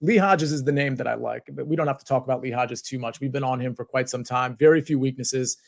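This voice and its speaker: A man's voice: mid-range voice, fast talker, vocal fry. Easygoing man on a golf podcast. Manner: easygoing, wry, asks questions. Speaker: podcast co-host. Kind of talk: casual golf betting chat.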